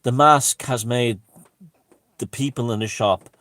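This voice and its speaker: A man with a medium-pitched voice tells a loose, meandering story, stopping and restarting as he goes. He wanders into wry asides and pokes fun at himself. The sound is dry and close, with no room echo. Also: a little slow, a bit bright. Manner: rambling, many restarts and asides; wry and self-mocking. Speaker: channel host. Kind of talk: casual storytelling monologue.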